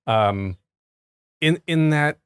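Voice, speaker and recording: A man's voice: a little high, animated, drawn-out words, a bit bright, clear, resonant tone, dry recording, clean studio sound. A man hosting a podcast interview in casual chat, enthusiastic and laughing easily. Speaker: podcast host.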